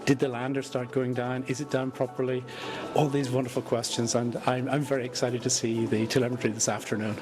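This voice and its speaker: A man speaking as a mission expert in an interview, excited and eager, talking with emphasis. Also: medium pitch, fairly quick, music in the background. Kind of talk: interview on camera.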